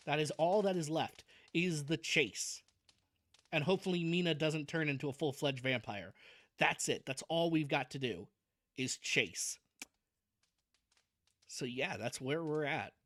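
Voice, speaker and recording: A man chats casually on his livestream, joking at his own expense and restarting sentences as he goes. His voice sits a little high and moves a lot. He sounds loose and talkative. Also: lively intonation, a little slow, fairly bright tone, no room sound. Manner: chatty, self-deprecating, restarts often. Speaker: streamer reading a novel aloud.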